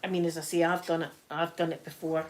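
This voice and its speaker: A woman from Scotland hosts an informal ASMR stream at home, ironing and talking with viewers amid frequent laughs. Her voice sits low and comes out flat and fast, with slight background noise.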